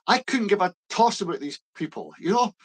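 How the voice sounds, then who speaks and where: Blunt Scottish man, fairly high voice. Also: sing-song, husky. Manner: blunt, emphatic, halting. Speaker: co-host. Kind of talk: political discussion.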